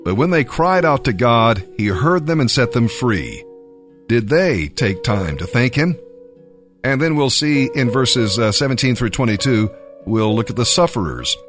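Animated male preacher reading scripture. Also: mid-range voice, unhurried, over music.

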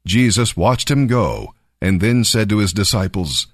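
A man reading scripture and giving devotional commentary in an earnest, expressive way. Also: on the low side, measured pace, few pauses, no echo, studio quality. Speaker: Bible reader and devotional speaker.

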